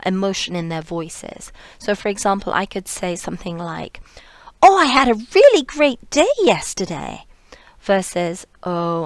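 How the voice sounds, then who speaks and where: Lower-voiced woman explaining a lecture. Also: clear, resonant tone, no echo. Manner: explanatory, many fillers and restarts, drops to near whisper at times. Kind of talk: narrated lecture over slides.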